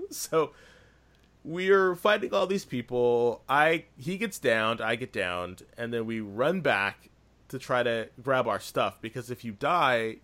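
Excitable rambling man telling a story. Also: medium pitch. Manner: rambling, excitable, with frequent restarts. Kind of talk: casual storytelling about a video game.

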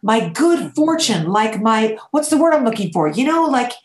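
A woman guest on an interview, telling animated, emphatic stories and swearing casually. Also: fairly high pitch, normal speed, roomy sound. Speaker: guest, dessert baker.

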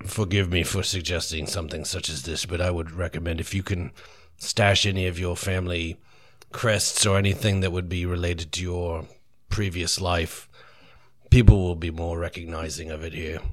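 Man playing a low-voiced, formal, apologetic adventurer. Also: fairly even intonation, normal speed. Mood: courteous.

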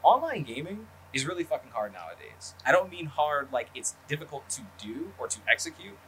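A man's voice: on the high side, big pitch swings, a little fast, fairly bright tone, a little hiss or hum. A man hosting a podcast who talks in a rambling, casual way. He swears often and fills his talk with ums and likes. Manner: rambling, profane, lots of fillers. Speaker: podcast host. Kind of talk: casual chat.

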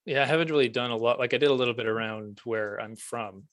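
Canadian Maritime man, chatty podcast guest, relaxed, dry close sound. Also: mid-range voice, quick pace, no echo. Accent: Prince Edward Island Canadian. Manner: relaxed, chatty, laughs easily, trails off softly. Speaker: guest, music teacher and author. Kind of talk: casual interview conversation.

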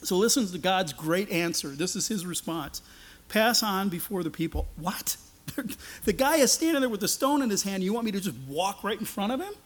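A man preaching a sermon, animated and sarcastic, acting out the lines he quotes. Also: high-pitched, normal speed. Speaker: pastor.

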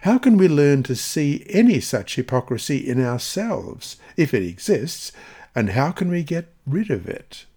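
A man reading a scripted devotional Bible study in a measured, earnest way, slowing on key phrases. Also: on the high side, big pitch swings, mellow. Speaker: devotional reader.

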